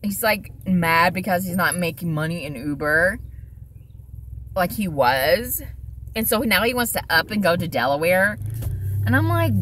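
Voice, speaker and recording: A woman's voice: on the low side, lively intonation, moderate pace, a bit bright, a little hiss or hum. A woman chatting casually in a vlog, rambling and swearing freely while sitting in her car at a drive-through. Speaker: vlogger.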